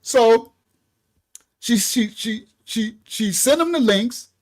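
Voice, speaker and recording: Male ministry leader on a casual livestream; slangy, laughing, acts out voices, very lively pitch. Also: takes it slowly. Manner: animated, laughing, heavy slang.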